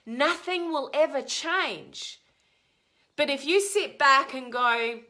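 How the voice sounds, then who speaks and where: A woman giving a live motivational coaching talk to her viewers, energetic and emphatic, acting out the complaints she quotes. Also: sits high, takes it slowly. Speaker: life coach.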